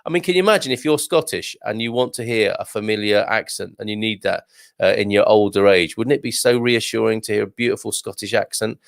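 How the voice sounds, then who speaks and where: A male host chatting casually on a live show, reading out viewers' comments and joking back at them. His voice has a gravelly edge. The sound is dry, with no room echo. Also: fairly low pitch, fairly quick. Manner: chatty, jokey, with frequent fillers and restarts; reads viewer comments aloud.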